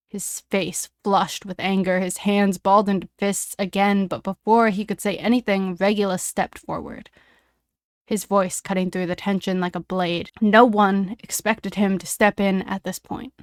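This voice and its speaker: A woman reading a story aloud in an expressive, dramatic way. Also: medium pitch, measured pace, no echo, studio quality. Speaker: reader of fan fiction.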